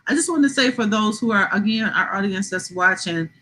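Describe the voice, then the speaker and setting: A woman's voice: medium pitch, fairly quick, a bit bright, low-quality recording. A woman hosting a live online panel, speaking to the audience and reading out viewer comments. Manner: addresses the audience, reads out comments. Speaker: host.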